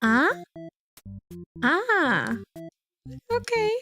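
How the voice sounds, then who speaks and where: A woman streaming a story game, reacting out loud with lots of giggling and emotion. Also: very high-pitched, sing-song, extremely slow, soft background music.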